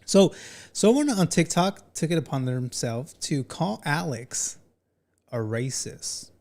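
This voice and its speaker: A man hosting a casual reaction commentary, animated and talking straight to his chat. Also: fairly high pitch, unhurried. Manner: animated, talks to chat, says "bro" often. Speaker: commentary channel host.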